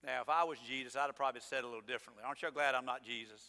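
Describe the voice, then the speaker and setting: Bright-voiced preacher man in a church hall. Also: mid-range voice, steady tone, rapid-fire. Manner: conversational, emphatic preaching with sarcastic asides. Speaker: pastor. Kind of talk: sermon. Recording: long reverb of a church hall.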